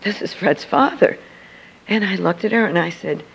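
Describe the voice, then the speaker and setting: A woman's voice: medium pitch, animated, moderate pace, vocal fry, breathy edge. An older woman, a Christian speaker, telling a personal story and acting out the dialogue in a lo-fi archive recording. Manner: vivid storyteller who acts out dialogue.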